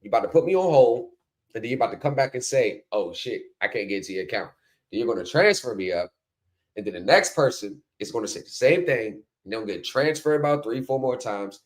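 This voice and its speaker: A man's voice: mid-range voice, a little fast. A man hosting a casual commentary chat, telling stories and acting out the people he quotes. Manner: animated storytelling, acts out quoted people. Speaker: host.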